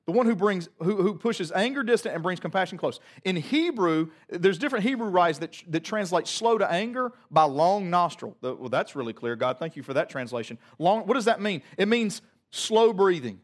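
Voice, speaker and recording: Male pastor, fairly high voice, sermon that swings quiet to loud with jokes to the crowd. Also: animated, brisk, few pauses. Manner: swings from hushed reflection to loud emphatic peaks; humorous asides to the congregation.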